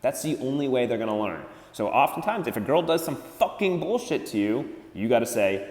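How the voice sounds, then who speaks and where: A man's voice: mid-range voice, very animated, normal speed. A man giving dating advice in a blunt, profane rant. He swears freely and mocks others in put-on voices. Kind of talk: profane ranting advice monologue. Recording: echoey room with long reverb.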